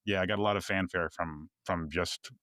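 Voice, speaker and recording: Man from texas, rambling podcast co-host, low-pitched, dry close mic. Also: fairly even intonation, normal speed, a bit bright, dry recording. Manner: rambling with many restarts, chuckling asides. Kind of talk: casual conversational podcast.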